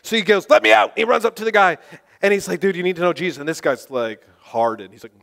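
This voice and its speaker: A man with a high voice preaching to a group, telling testimony stories in a passionate, excitable way. He rambles and restarts, then surges into loud, fired-up bursts. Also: fast talker, vocal fry. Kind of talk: sermon testimony storytelling.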